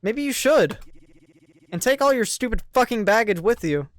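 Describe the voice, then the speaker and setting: A voice actor voicing an angry, foul-mouthed young man who shouts and sneers at his friend in a visual novel dub. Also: medium pitch, sing-song, normal speed, dry recording, soft background music, voice pushed up, natural voice. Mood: cruel. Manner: shouting, swearing, contemptuous.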